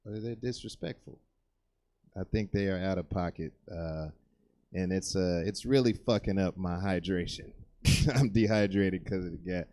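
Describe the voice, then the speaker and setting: Low-voiced man doing laid-back stand-up. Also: moderate pace, darkish tone. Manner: laid-back, rambling with many "uh"s. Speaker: comedian. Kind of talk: stand-up comedy.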